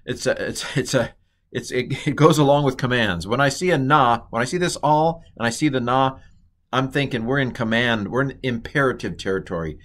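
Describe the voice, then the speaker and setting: A middle-aged man teaches a recorded Hebrew lesson at a moderate pace in a mid-range, fairly bright voice. He rambles and corrects himself while quizzing the listener with questions.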